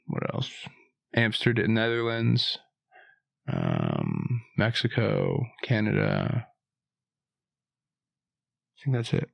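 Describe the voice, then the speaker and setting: A man's voice: on the low side, huge pitch swings, slow pace, gravelly, pauses often, dry recording. A man hosting a podcast, chatting casually and joking, swearing freely. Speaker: podcast host. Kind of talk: casual chat. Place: indoor room over a meal.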